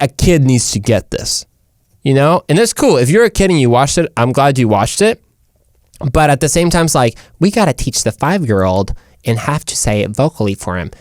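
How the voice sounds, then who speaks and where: A man's voice: a little high, dry recording, studio quality. A young man hosting a casual comedic monologue, rambling and jokey. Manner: rambling, jokey, says "dude" and "like" often. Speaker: host.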